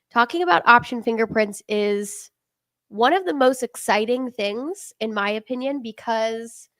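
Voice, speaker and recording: A woman's voice: a little high, fairly bright tone, dry recording, studio quality. A woman hosting a live trading webinar over a video call, upbeat and welcoming. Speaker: webinar host, product director. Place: home in Denver.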